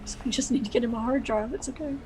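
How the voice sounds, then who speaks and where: A woman's voice: on the high side, very fast, a crowd in the background, low-quality recording. A woman playing a tabletop game, tossing out wry, teasing remarks. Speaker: player. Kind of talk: casual tabletop play.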